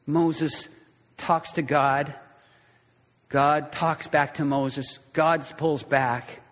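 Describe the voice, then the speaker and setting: Impassioned preacher in a reverberant hall. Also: male voice, steady tone, very slow. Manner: impassioned preaching, swings between loud bursts and hushed lows. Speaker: pastor. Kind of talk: sermon.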